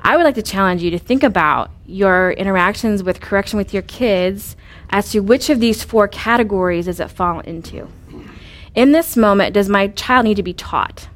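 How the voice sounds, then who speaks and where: A woman's voice: medium pitch, moderate pace. A woman giving an earnest, coaching talk on parenting, asking rhetorical questions and using frequent fillers. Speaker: parenting speaker.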